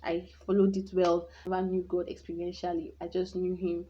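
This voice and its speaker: A woman's voice: fairly low pitch, monotone, a little fast, a little hiss or hum. A young woman telling her own life story in a vlog, candid and reflective, rambling with many restarts. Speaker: vlogger. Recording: dull lo-fi sound.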